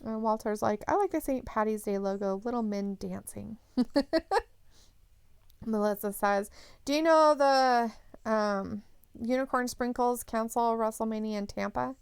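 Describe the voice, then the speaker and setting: A woman's voice: fairly high pitch, measured pace, smooth, no room sound. A woman co-hosting a live stream in casual chat, laughing often as she reads viewer comments aloud.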